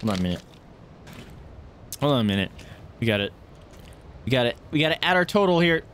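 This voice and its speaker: With a mid-range voice and a fairly quick delivery, a man gives casual gameplay commentary while streaming and chatting with viewers. He's excitable, yelping and cursing at the game, and there's slight background noise.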